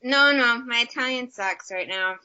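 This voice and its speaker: A woman's voice: a little high, moderate pace, pushed and bright, clean tone. A young American woman, an actress, chatting casually and upbeat on a video call, full of fillers. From United States. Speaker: actress and guest. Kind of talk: casual interview chat. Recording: slightly muffled video-call audio.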